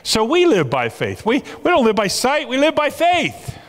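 A man's voice: extremely high pitch, huge pitch swings, moderate pace. A man preaching a sermon as a pastor, emphatic and repeating his key phrases for weight. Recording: long reverb of a large hall.

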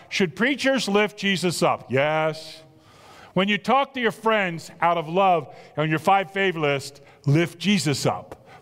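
High-voiced South Jersey preacher in a hall. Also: male voice, clear, resonant tone. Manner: animated, exclamatory preaching with rhetorical questions. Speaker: pastor. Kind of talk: sermon.

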